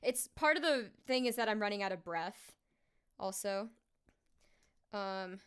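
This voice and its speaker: A woman's voice: mid-range voice, animated, unhurried, fairly bright tone, smooth. A woman singer talking casually on a live stream while recording her vocals, thinking aloud with lots of fillers.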